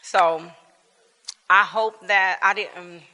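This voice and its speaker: A woman's voice: medium pitch, steady tone, extremely slow. A woman in her fifties speaking personally to a church Bible class, emotional and laughing as she addresses the group directly. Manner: warm, laughing, emotional, talks straight to the group. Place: church hall. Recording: long hall reverb.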